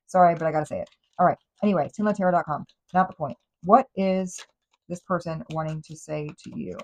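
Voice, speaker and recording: Brief: female tarot host, lowish voice, emphatic and chatty, lots of "like" and restarts. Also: low-quality recording. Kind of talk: tarot reading monologue.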